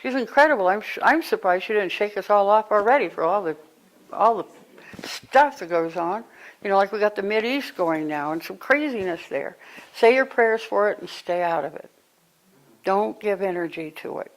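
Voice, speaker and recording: A woman of medium pitch leads a spiritual talk before a live group. She speaks in a loose, conversational way. She tells stories and bursts into lively exclamations. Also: normal speed, rough recording. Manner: animated, conversational, storytelling with sudden exclamations. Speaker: spiritual teacher.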